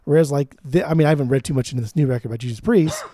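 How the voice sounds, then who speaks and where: A man's voice: medium pitch, very fast, dark tone, slight background noise. A man co-hosting a casual music podcast, arguing in a dismissive, sarcastic way. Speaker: podcast co-host. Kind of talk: casual chat about music and records.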